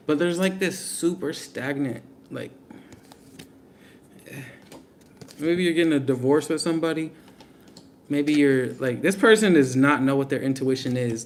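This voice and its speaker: A man's voice: mid-range voice, slight background noise. A young man giving a casual live tarot reading, blunt and slangy, talking straight to his viewers. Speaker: tarot reader.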